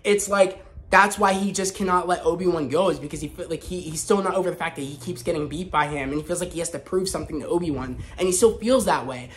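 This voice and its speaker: A man hosting a casual spoken review vlog, talking in an excited, rambling way with frequent restarts. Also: on the high side, fast talker. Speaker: host.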